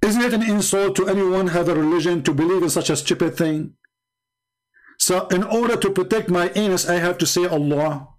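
A man hosts a live stream in a voice that sits a little high for a man. He mocks his target with sarcastic rhetorical questions. His English comes out in broken, non-standard grammar. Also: fairly quick. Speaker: livestream host. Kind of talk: mocking live-stream commentary.

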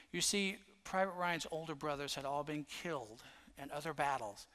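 A man's voice: a little high, a bit bright. Earnest male pastor preaching. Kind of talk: sermon. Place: church sanctuary.

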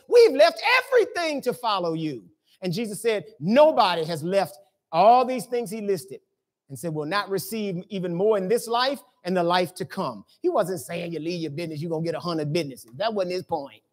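A man pastor from the preaching a sermon in church, in a talky, colloquial way full of rhetorical questions. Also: high-pitched. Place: church sanctuary.

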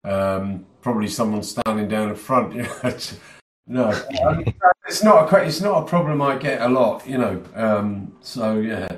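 A male musician, a guest in a casual chat, telling anecdotes in a halting, self-deprecating way. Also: on the low side, expressive, background noise. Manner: self-deprecating, halting with many fillers and restarts. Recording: echoey room sound.

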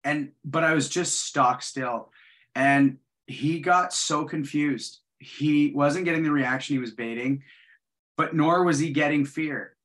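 Man, guest, animated storyteller, bright forceful tone, slightly high pitch. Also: unhurried. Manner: animated storyteller, acts out quotes. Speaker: guest martial artist. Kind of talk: casual chat.

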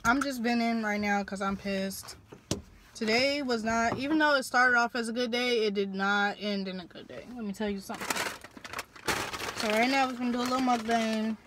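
A woman's voice: on the high side, normal speed, noisy background. A young woman vlogger talking casually while eating, venting about her day in a blunt, profane, slangy way. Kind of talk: casual venting mukbang chat.

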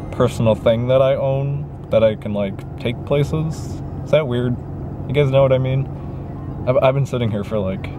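A young man vlogging to camera from his parked car at night, sleepy and chatty, rambling to his viewers. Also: medium pitch. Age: young adult. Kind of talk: casual vlog talk to camera. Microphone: handheld camera.

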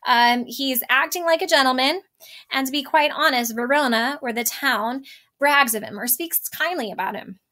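A woman's voice: high voice, moderate pace, bright, forceful tone. Casual woman teacher explaining a play. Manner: casual, with frequent um and so basically.

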